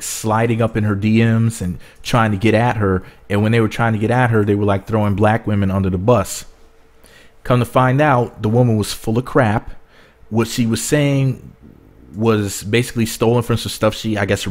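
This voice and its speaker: A man's voice: fairly low pitch, a little mellow. A man giving casual spoken commentary in a rambling way, repeating words as he goes. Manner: rambling, repeats words, drops into mocking voices. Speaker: vlogger.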